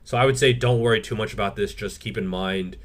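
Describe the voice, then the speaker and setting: This fitness YouTuber talks fast in a lowish male voice. In a laid-back Q&A he reads out each viewer's question, then gives a blunt reply laced with plenty of swearing.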